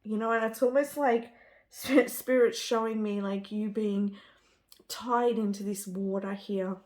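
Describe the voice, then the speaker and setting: A woman's voice: mid-range voice, steady tone, a little slow, a little mellow. A woman giving a spiritual card reading to camera. She talks with gushing enthusiasm and often trails off and restarts. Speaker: tarot card reader.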